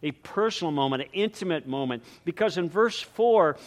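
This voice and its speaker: A man preaching a sermon in an animated, dramatic way, swinging between loud emphasis and hushed, quiet lines. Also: on the high side, moderate pace, hardly any pauses. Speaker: pastor.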